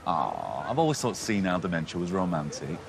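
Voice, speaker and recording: A man's voice: sits low, wildly swooping pitch, brisk, creaky, heavily acted. A scornful grown-up son with a dry, sarcastic tone. His delivery swings through a wide range. A faint background hum sits behind him. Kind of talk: sitcom acting.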